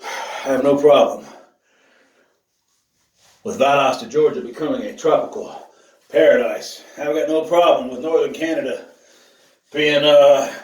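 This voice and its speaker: A man's voice: mid-range voice, fairly even intonation, a little slow, pauses often. Profane guy, echoey and far off. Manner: profane, joking, whooping. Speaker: vlogger. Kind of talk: casual vlog monologue. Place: outdoor shower. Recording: echoey, from off the mic, with running water.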